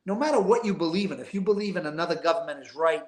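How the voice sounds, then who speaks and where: A man's voice: on the high side, lively intonation, rapid-fire. Emphatic older man, roomy sound. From East Boston. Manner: emphatic, rambling, street-talking, profane. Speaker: guest. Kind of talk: casual interview storytelling.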